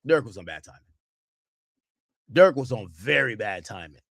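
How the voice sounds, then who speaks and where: A man hosting a podcast in casual chat, excitable and slangy, swinging between low mutters and loud outbursts. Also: normal speed, vocal fry, no room sound, studio quality. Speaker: podcast host. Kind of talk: casual chat reacting to clips.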